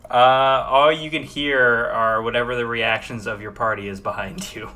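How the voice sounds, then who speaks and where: A man's voice: mid-range voice, fairly even intonation, normal speed, bright, forceful tone. A man narrating as game master in a casual, laughing way with lots of fillers.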